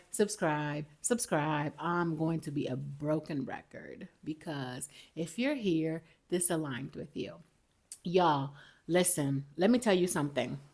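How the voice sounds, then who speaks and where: A woman hosting a casual motivational podcast. She is chatty and lively, talks straight to her viewers and sips coffee as she goes. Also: lowish voice. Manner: sips coffee while talking. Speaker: podcast host.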